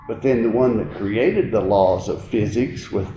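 A man preaching a sermon, moving between quiet reflective passages and raised, emphatic preaching. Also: on the low side, unhurried, hardly any pauses. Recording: dull, roomy sound with faint ambience.

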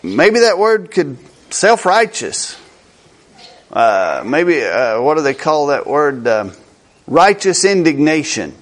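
Guy preaching a sermon real slow, pitch jumping all over, keeps repeating words for emphasis. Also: big pitch swings.

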